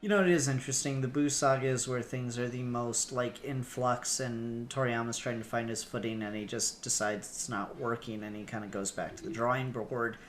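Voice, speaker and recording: Male podcast co-host, casual chat, animated delivery, faint noise in the background. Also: medium pitch. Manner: animated, acts out scenes in quick bursts.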